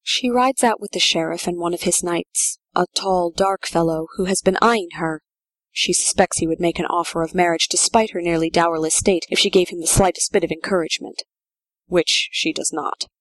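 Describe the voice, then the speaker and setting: A woman reads a story aloud in a calm, measured way. Her voice is on the lower side, and the recording is dry and close, with hardly any room sound. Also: no echo. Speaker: narrator. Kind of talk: scripted narration of a story.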